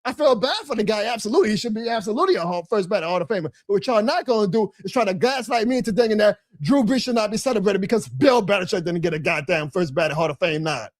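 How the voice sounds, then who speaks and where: A man rants fast and hot, swearing freely and pitching his voice high when worked up. He hosts a sports stream and sinks into grumbling mutters between outbursts. The sound is dry and close. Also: no echo. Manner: fiery, profane, loud and indignant, dropping into low mutters. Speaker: host of a live sports stream. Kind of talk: ranting sports commentary.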